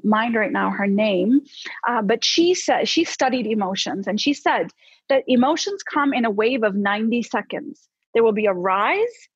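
A woman psychologist, a podcast guest, explaining how to handle emotions in a lively, coaching way with casual fillers. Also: fairly high pitch, breathy edge, no echo. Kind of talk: conversational podcast advice. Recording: slightly dull, dry podcast audio.

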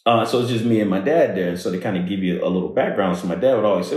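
A man telling a personal story in conversation, halting and repeating words as he goes. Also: deep voice, lively intonation, a little mellow. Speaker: guest speaker on workplace diversity. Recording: very echoey room.

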